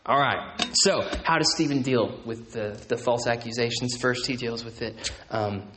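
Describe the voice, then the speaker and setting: A man's voice: mid-range voice, normal speed, pushed and bright, reverberant, slight background noise. A man teaching the Bible to a live audience in a conversational sermon, with jokey asides and a habit of checking in with his listeners. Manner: chatty, keeps checking in with listeners.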